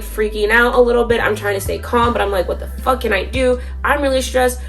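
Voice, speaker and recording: A woman vlogger telling a story in a casual, chatty way, full of fillers and freely swearing. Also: medium pitch.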